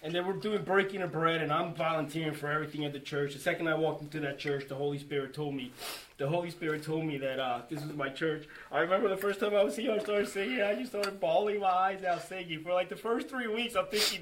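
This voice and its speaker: A man's voice: a little high, fast talker, fairly bright tone, a little hiss or hum. A man giving an emotional personal testimony to a church group, earnest and full of restarts, acting out his own and others' remarks as he tells the story. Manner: emotional, earnest, with many restarts and quoted dialogue.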